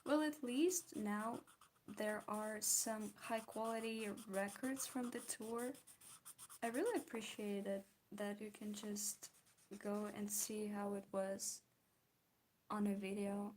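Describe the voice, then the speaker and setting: Giggly, soft-toned young woman chatting. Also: mid-range voice, steady tone, slow, a little hiss or hum. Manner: giggly, chatty, reads and answers chat. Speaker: streamer chatting with viewers. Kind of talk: casual chat while drawing.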